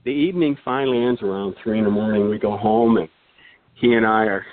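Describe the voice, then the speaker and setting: A man's voice: fairly low pitch, fairly quick, no room sound. A man, a podcast guest, telling a long anecdote in a casual, rambling way, chuckling and throwing in asides. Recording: thin phone-like sound, dry.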